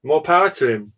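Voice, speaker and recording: A man's voice: on the high side, sharp tone, slightly rough. A man hosting a casual online chat, telling stories in a rambling way, with many restarts and fillers and frequent laughter. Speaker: host. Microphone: remote call.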